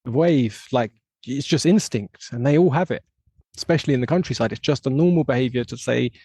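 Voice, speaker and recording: A man's voice: medium pitch, brisk, mellow, slightly rough, no room sound. An English man hosting a podcast, talking through his ideas at length in a casual, reflective conversation. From England. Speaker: podcast host.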